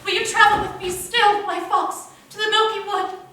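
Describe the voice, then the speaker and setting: A woman's voice: very high voice, fairly even intonation, moderate pace, bright, forceful tone. A woman playing a grieving young lover on a theater stage, declaiming poetic lines. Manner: poetic, declamatory, shifting from tender to anguished. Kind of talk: live stage drama. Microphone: distant room mic. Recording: echoey theater from far off.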